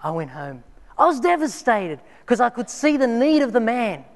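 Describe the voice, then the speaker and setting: A man's voice: extremely high pitch, sing-song, moderate pace. A man preaching a sermon and telling personal stories, dramatic, sometimes dropping to near whispers for emphasis. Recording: reverberant hall.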